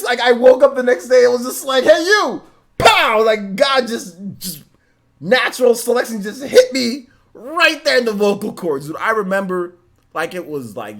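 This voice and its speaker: A man in his thirties hosting a gaming show, chatting casually and animatedly and laughing often. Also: high voice. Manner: animated, laughs often, drawn-out filler words. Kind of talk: casual streamed chat.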